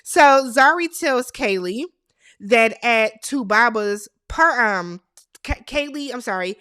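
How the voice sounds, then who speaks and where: A woman's voice: a little high, animated, slow pace, sharp tone, clean tone, dry recording, studio quality. A woman hosting a casual, gossipy TV recap, talking straight to her viewers with strong opinions. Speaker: TV show recap host.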